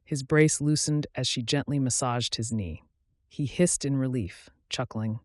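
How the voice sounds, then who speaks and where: A man narrating a romance audiobook in a soft, intimate, unhurried way on a close studio mic. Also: medium pitch, no echo.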